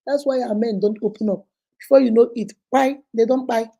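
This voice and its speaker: Animated woman hosting a livestream. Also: on the high side, a little fast, low-quality recording. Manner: animated, chatty, greets viewers by name. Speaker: host and counselor. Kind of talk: live-stream chat.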